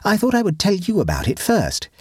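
A man voicing Egbert, an earnest, fussy young English gentleman who speaks in a raised, excitable voice. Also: brisk, slightly rough, no room sound, studio quality, full character voice. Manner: earnest, excitable, pitch rising.

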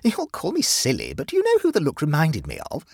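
A man reading aloud, voicing a brisk, chatty country lady neighbour in a story. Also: a little high, wildly swooping pitch, vocal fry, slightly rough, dry recording, studio quality, pitched above the performer's own voice, exaggerated voice.

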